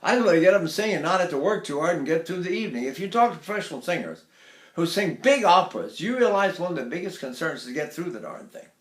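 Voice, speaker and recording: Casting: older voice teacher, high-pitched, breaks into sung demos, recorded in a roomy space. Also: male voice, expressive, fast talker. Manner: demonstrates by sighing and singing phrases high. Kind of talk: vocal technique lesson. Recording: echoey room.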